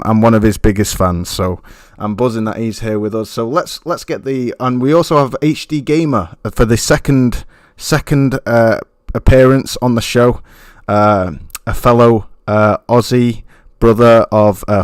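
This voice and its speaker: A man's voice: mid-range voice, steady tone, measured pace, few pauses, clean tone, no room sound, studio quality. A man hosting a gaming podcast, hyped and slangy, with plenty of fillers. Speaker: podcast host. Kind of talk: casual podcast intro.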